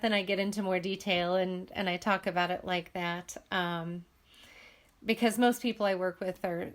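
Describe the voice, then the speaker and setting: A woman's voice: medium pitch, fairly bright tone. A woman in her thirties, a podcast cast member, chatting casually and laughing often as she talks. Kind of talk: casual chat.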